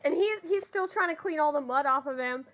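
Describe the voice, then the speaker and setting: A woman's voice: high voice, expressive, fairly quick, dull audio, a little hiss or hum. A woman running a tabletop game as game master, narrating casually with halts and restarts.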